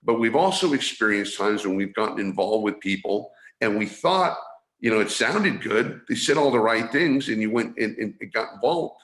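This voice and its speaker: Explaining his energy awareness training in an interview on a video call, this San Francisco guest speaks earnestly, often restarting his phrases. His voice is lowish and a bit bright, lively in intonation, at normal speed with hardly any pauses, and the audio is roomy.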